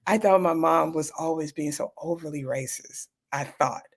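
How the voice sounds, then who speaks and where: A woman's voice: deep voice, moderate pace. A middle-aged woman doctor, a guest in an interview, telling personal stories candidly and acting out the people she quotes.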